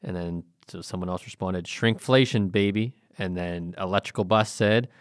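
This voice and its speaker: A man's voice: sits low, moderate pace, clean tone, no room sound, clean studio sound. A man co-hosting a podcast in a casual, upbeat way, reading online posts aloud. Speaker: podcast co-host. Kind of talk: casual chat.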